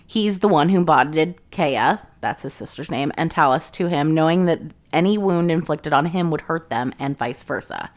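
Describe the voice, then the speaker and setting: A young woman casually recapping a fantasy novel in a chatty, sarcastic way, swearing freely. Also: deep voice. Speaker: book reviewer.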